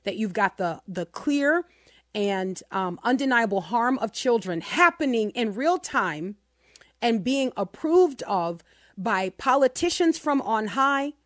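A woman's voice: on the high side, animated, takes it slowly, no room sound, studio quality. A woman hosting a Christian radio talk show, talking in a passionate, emotional and emphatic way.

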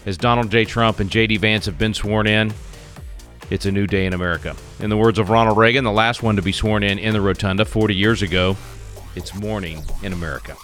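Upbeat bright-voiced male radio host. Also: fairly low pitch, steady tone, quick pace, faint music behind. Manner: jokey, upbeat, frequent restarts. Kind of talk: talk radio banter. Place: home radio studio.

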